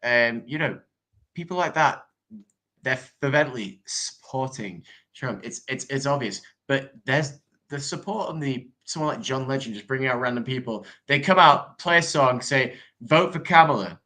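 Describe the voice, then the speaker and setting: A man chatting casually on a livestream, with a bright, tense voice. He often trips over his words and repeats himself. His pitch sits in the middle range. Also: normal speed.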